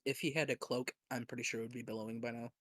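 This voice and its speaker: A player in a tabletop game, joking and quick to laugh. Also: mid-range voice, level tone, no echo, studio quality. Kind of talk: casual game chat.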